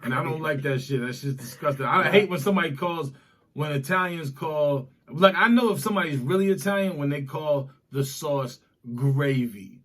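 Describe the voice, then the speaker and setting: A loud, animated man from Boston who grew up in the South, riffing on a comedy podcast. His voice sits a bit high and he breaks into laughter often. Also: normal speed. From Boston, raised in the US South. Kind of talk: casual comedic podcast banter.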